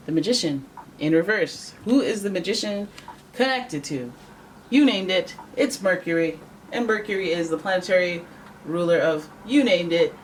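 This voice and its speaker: A tarot reader from Canada, giving a casual, joking reading to camera and thinking aloud. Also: medium pitch. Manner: chatty, joking, thinks aloud and corrects itself. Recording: voice a little far from the mic, faint background noise.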